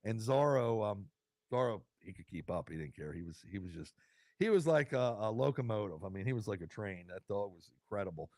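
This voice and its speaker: A man's voice: on the low side, animated, a little fast, darkish tone, no room sound. A man hosting his own vodcast from a studio, talking casually and rambling with fillers and restarts. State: choked up with emotion. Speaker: podcast host. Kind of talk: casual solo vodcast talk.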